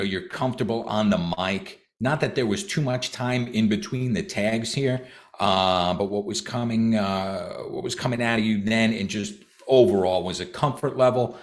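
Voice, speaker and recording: A man with a somewhat low voice judges a contestant. He speaks haltingly, stopping often on uhs and ums as he gathers his thoughts. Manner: halting, hesitant with many uhs. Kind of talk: casual critique.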